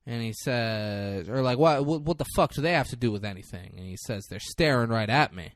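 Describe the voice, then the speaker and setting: Animated man retelling a movie. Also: medium pitch, brisk, dry recording, clean studio sound. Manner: animated retelling with acted-out quotes, swearing. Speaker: podcast co-host. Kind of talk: casual movie recap.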